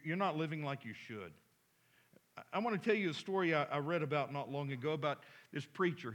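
A male pastor preaching with urgency and passion, his voice bright, forceful and a touch high. He often repeats words as he pushes his appeal. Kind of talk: sermon.

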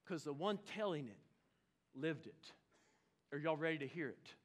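A man, preaching a lively sermon with exclamations and playful asides. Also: on the high side, moderate pace. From Oklahoma. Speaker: pastor.

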